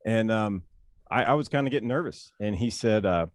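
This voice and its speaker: A man being interviewed as a guest, telling stories in a playful, animated way with frequent laughs. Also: on the low side, brisk, no echo, studio quality. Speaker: guest, former pitcher and broadcaster. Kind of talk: casual interview storytelling.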